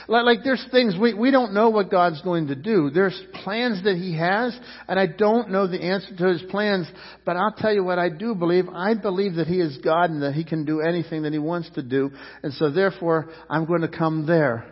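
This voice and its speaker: A man's voice: sits high, a little fast, husky. Fervent preacher man in echoing hall. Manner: fervent preaching, rising and falling loudness, repeats words. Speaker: pastor. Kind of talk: sermon. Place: church sanctuary. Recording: muffled sound, long hall reverb.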